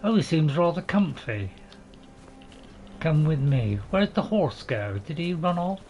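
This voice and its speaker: A man gives relaxed gameplay commentary. His voice sits a little high, and his delivery is chatty and full of hesitations and dry, self-mocking jokes. A faint hiss runs under the recording. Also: a little slow, highs cut off. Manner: hesitant, with many fillers and restarts. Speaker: gaming channel host.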